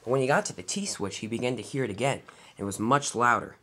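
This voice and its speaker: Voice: medium pitch, quick pace, a bit bright, a little hiss or hum. A narrator telling a toy train fan-film story in a dramatic, storybook way.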